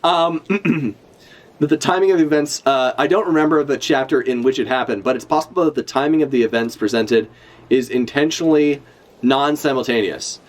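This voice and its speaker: A man's voice: medium pitch, fairly quick. A young man streaming a live reaction, talking casually with lots of swearing and filler words. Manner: casual, profane, full of fillers.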